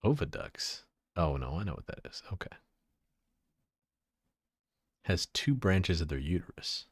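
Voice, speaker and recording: A man's voice: low-pitched, sing-song, moderate pace, breathy edge, no echo, studio quality. A man from Texas with a Texan accent, chatting casually on a livestream, rambling, giggling and trailing off into asides.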